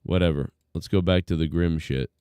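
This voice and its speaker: A man with a low, warm voice talks loosely over a live stream, rambling and trailing off with ums and uhs. His voice comes through smooth and close, with no room sound around it. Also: fairly quick, no room sound. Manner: laid-back, rambling, full of fillers. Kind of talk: casual live-stream commentary.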